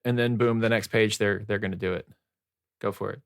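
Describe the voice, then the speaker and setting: A podcast co-host chatting casually about a novel, relaxed and laughing, with lots of fillers. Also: medium pitch, a little fast, dry recording, studio quality. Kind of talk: casual book discussion.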